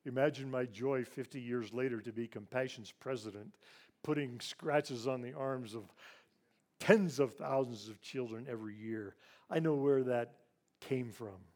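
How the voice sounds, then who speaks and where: A man in his sixties who grew up in Ivory Coast tells a personal story to a church audience. He speaks earnestly and drops to a hushed, emotional tone when recounting loss. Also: medium pitch, a little slow.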